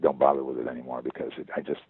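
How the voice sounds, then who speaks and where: A veteran voice actor talking in a phone interview, halting and repeating words as he goes. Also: rumbling low, flat delivery, gravelly, breathy edge, no room sound. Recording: tinny phone line.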